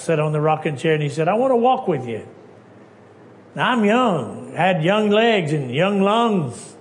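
Emphatic preacher man, fairly high voice. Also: slight background noise. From Texas. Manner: emphatic storytelling, swinging from hushed to loud. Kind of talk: sermon.

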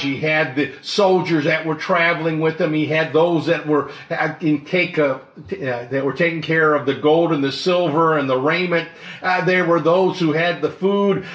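A man's voice: on the high side, a bit bright, echoey room. A male pastor preaching a sermon in a conversational way, often asking the congregation questions.

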